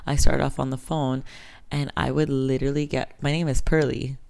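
A woman's voice: rumbling low, level tone, normal speed, vocal fry, a little mellow. A Canadian woman in her thirties hosting a podcast, talking frankly and casually, with swearing. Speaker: podcast host.

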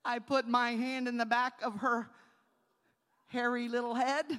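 A woman preacher telling a childhood story in a sermon, moving between soft storytelling and loud preaching. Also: fairly high pitch, flat delivery, normal speed, clear, resonant tone, long reverb tail.

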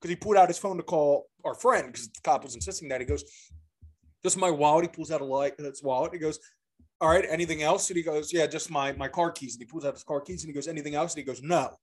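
Young male podcast co-host, somewhat high voice, rambling and animated, casual storyteller. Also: fast, slightly rough. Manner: animated, rambling with many fillers and restarts.

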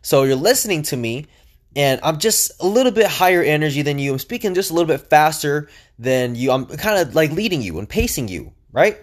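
A young man talking alone on his podcast in a casual, energetic and chatty way, with lots of fillers and restarts. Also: fairly high pitch, brisk. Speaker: podcast host. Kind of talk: casual solo podcast monologue.

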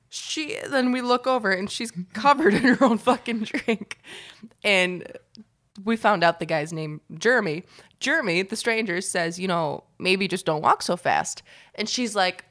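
A young woman co-hosts a podcast, trading stories in a casual chat at a moderate pace and medium pitch. She's loose and animated, swearing freely and laughing often.

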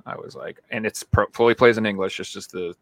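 A man chatting casually on a podcast, relaxed and slangy, telling animated stories. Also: fairly low pitch, brisk. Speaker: podcast guest.

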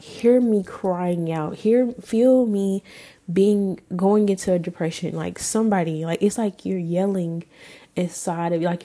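Podcast host, woman in her twenties, low-pitched and warm, candid, emotional personal storytelling. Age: 20s. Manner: candid and emotional, casual swearing.

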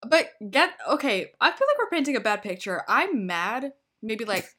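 Lively young woman chatting. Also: a little high, normal speed. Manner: animated, swearing, laughing. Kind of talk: casual chat.

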